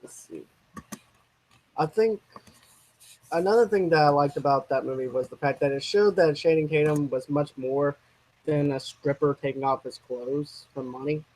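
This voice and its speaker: Rambling man, slightly high voice. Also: normal speed, darkish tone, rough recording. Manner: rambling, restarts and trails off mid-thought. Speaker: co-host of a movie discussion channel. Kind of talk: casual movie chat.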